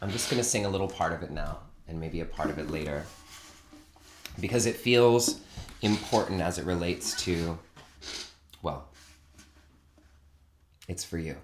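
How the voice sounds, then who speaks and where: A man hosting a live online spiritual session, gently encouraging his audience to join in. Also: sits low, a little slow, pauses often, reverberant, slight background noise. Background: guitar playing.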